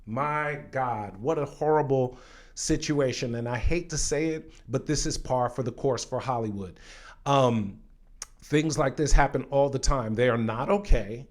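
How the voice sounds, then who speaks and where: A man's voice: mid-range voice, unhurried. A man teaching an online acting lesson. He talks emphatically and straight to the viewer, breaking off now and then to read aloud from an article. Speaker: acting coach.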